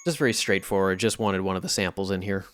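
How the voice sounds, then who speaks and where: A man casually explaining how he recorded and processed sounds for a music piece, in a relaxed way with a few fillers. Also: low-pitched, fast talker, a little hiss or hum. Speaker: music producer. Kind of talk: casual tutorial narration.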